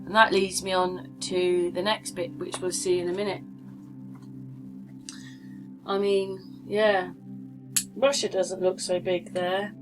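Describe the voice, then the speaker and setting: A woman's voice: lowish voice, flat delivery, slow pace, pauses often, music in the background, low-quality recording. A woman hosting her own channel, talking casually and rambling as she clicks through images and speaks straight to her viewers. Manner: rambling, chatty, addresses viewers directly. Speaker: channel host. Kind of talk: casual screen-share commentary.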